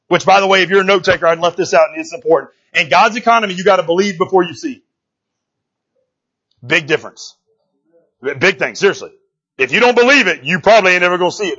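Man, preacher, casual church talk, husky voice, slightly muffled recording. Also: sits high, a bit bright. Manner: conversational, keeps asking "right?"; folksy, joking slang. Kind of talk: casual sermon.

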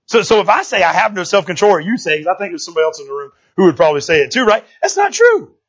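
A man's voice: high voice, racing, a bit bright, husky, dull audio. A man preaching a casual sermon in a church, talking in a folksy, joking way and often asking "right?". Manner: conversational, keeps asking "right?".

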